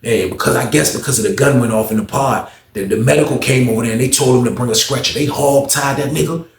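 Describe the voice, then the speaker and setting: A man telling a story casually, animated and profane, repeating lines for effect. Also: mid-range voice, fast. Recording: echoey room.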